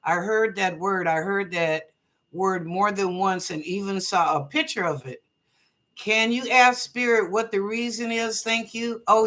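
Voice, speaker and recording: Her voice is medium in pitch with a fairly bright tone. As the host and psychic reader of a live online show, she reads out viewers' questions, offers relaxed, chatty interpretations, laughs frequently, and blesses those who call in.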